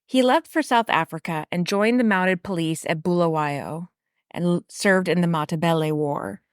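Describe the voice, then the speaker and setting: Low-voiced woman narrating a history podcast. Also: moderate pace, clean tone, no echo, studio quality. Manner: reads from a prepared script with casual asides and occasional slips. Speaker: podcast host. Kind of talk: scripted true crime and history narration.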